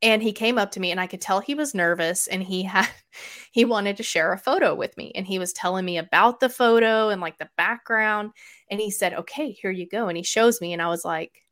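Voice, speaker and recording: A woman chatting as a podcast guest, telling stories in an animated way with sudden jumps in loudness. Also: mid-range voice. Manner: animated storyteller, quick shifts in loudness. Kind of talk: casual chat.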